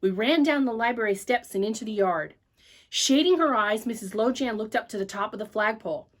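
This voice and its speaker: A woman reading a children's story aloud at church with an expressive, animated delivery. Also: on the high side, a little fast.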